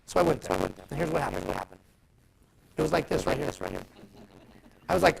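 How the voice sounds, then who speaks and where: A man giving a live motivational talk, telling stories in an animated way and putting questions to the audience. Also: a little high, moderate pace, creaky, long pauses, low-quality recording. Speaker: motivational speaker. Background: crowd.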